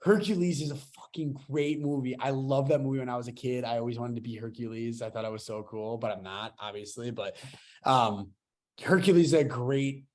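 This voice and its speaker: A man's voice: medium pitch, a little fast. A young man in his twenties hosting a casual podcast, talking enthusiastically and restarting his sentences as he rambles. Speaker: podcast host.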